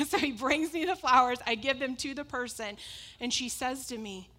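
Emphatic woman preaching a lively sermon. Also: fairly high pitch, moderate pace. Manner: emphatic and repetitive, with frequent laughs.

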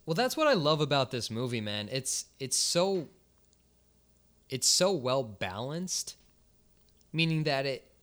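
A man's voice: mid-range voice, a bit bright, clear, resonant tone. A man co-hosting a podcast, talking through a film in a thoughtful, analytical way while searching for the right words. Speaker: podcast co-host. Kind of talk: casual movie review chat.

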